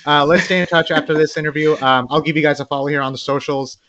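A man's voice: fairly high pitch, fairly even intonation, quick pace, muffled recording, a crowd in the background. A male podcast host from Texas in casual interview chat, eager and rambling, often repeating his words.

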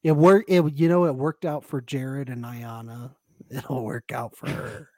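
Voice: mid-range voice, fairly even intonation, measured pace, dark tone, no room sound. A podcast co-host chatting casually, with wry, laughing remarks. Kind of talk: casual chat about reality TV.

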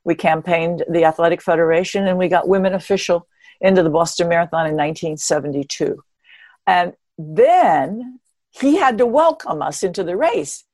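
A woman in her seventies, an interview guest and former marathon runner, telling stories in an animated, expressive way with wry humor. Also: lowish voice, moderate pace, no room sound. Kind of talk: conversational storytelling.

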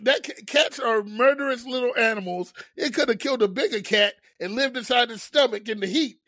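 High-voiced guy joking around on a podcast, dry sound. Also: brisk, bright, forceful tone, no echo. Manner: playful, argumentative. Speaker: podcast co-host. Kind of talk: casual chat.

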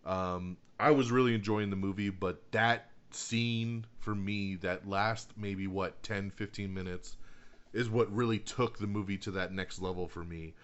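A man with a lowish voice chatting casually and retelling a film scene by scene. He gets worked up, acts out the quotes and laughs as he goes. The recording is dull and lo-fi. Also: unhurried. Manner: animated storyteller, acts out quotes, laughs often, swears. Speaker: podcast co-host reviewing a film. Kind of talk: casual chat.

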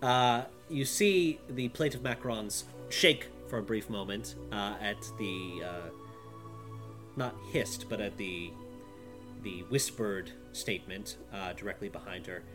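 A man narrating as game master in a relaxed way, with plenty of fillers. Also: lowish voice, a little slow. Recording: background music.

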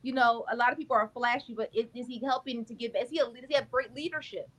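A woman's voice: on the high side, steady tone, fast talker, a bit bright, rough recording. A woman guest in a casual talk, speaking earnestly, setting out her points as a string of questions and laughing often. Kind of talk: casual chat.

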